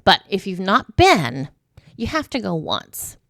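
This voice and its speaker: A woman's voice: mid-range voice, wildly swooping pitch, slow, fairly bright tone, no echo. A middle-aged woman chatting casually to the camera as a vlogger, rambling through stories with asides and fillers. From United States.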